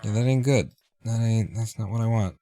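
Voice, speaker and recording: Low-voiced man streaming a game. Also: brisk. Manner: relaxed, muttering to himself. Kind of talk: casual gameplay commentary. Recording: noisy home recording.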